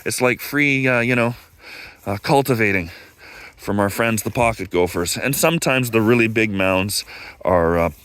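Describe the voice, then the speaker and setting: A man's voice: moderate pace, a bit bright, smooth, no echo. Rambling Canadian man, dry close sound. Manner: rambling, digressive, many fillers and restarts; acts out quoted dialogue with raised pitch. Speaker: guest speaker, former electrical instructor. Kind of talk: casual storytelling talk.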